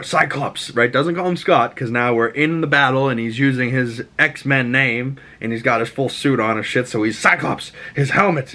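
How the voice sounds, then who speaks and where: Boston-accented male podcast host, mid-pitched, loose and profane recap style. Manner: rambling, animated, swears, acts out lines. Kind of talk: casual show recap.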